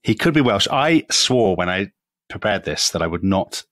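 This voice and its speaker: A man with an English accent narrates history in a relaxed podcast chat. His voice sits low and sounds dry and close, with no room around it. He drifts into self-deprecating asides and loose phrasing. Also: moderate pace, dry recording. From England. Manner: chatty, self-deprecating asides, frequent "kind of" and "sort of". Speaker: podcast co-host. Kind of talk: casual history podcast storytelling.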